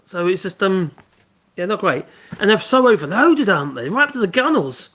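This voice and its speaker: A man hosts a laid-back woodworking livestream, rambling as he works and humming to himself. His high voice is very animated, fairly bright and slightly rough, moving at a moderate pace.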